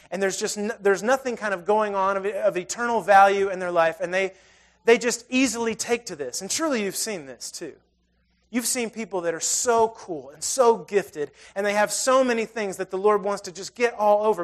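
A man in his thirties with a high voice preaches in a relaxed, conversational way. He tells self-deprecating stories and swings between loud emphasis and near-hushed asides. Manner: storytelling with self-deprecating humor. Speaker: pastor. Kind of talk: conversational sermon.

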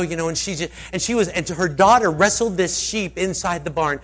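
A man preaching, telling a rambling, animated story and slipping into the voices of its characters. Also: high-pitched, moderate pace. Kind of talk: storytelling sermon.

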